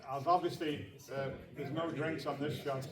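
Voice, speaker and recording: A man's voice: on the high side, steady tone, moderate pace, heavy background noise. Joking Northern Irish man in echoey hall. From Northern Ireland. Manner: joking, chatty storyteller who laughs often. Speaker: snooker trick shot exhibitor. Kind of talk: live exhibition banter with the audience. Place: large echoey snooker hall with an audience. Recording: echoey hall, distant mic, crowd.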